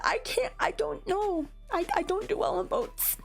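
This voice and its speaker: A woman's voice: very high-pitched, expressive, normal speed, vocal fry, faint music behind. A young woman streamer chatting casually, rambling with lots of fillers and giggles, her nose a bit congested. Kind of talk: casual chat.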